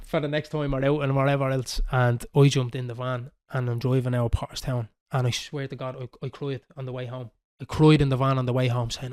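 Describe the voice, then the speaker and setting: A man in his thirties with a Dublin Irish accent, telling a football story in casual chat on a podcast, animated and swearing freely. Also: mid-range voice, a little fast, few pauses, clear, resonant tone. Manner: animated, swearing, quoting others. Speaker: podcast host.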